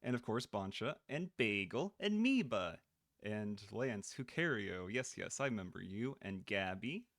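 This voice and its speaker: Goofy, excitable man streaming a game. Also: fairly low pitch, a little slow, dry recording, studio quality. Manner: goofy, excitable, swears, drops into silly voices. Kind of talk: casual live-stream gaming chat.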